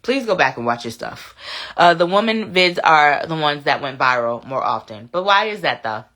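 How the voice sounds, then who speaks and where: A woman's voice: low-pitched, animated, normal speed, fairly bright tone. A woman hosting a casual commentary show, reading viewer comments and repeating phrases to drive her points home. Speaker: commentary channel host.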